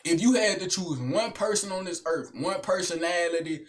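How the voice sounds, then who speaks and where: A young man doing a high-energy comedic rant to camera, slangy and swaggering, swinging between shouting and low mutters. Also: normal speed. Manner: slangy, keeps tagging lines with son and big brother. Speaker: comedic vlogger.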